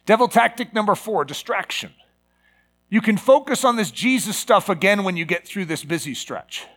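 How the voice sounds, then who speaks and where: A middle-aged man preaching a sermon, animated and given to acting out voices with sudden loud outbursts. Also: high voice, normal speed. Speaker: pastor.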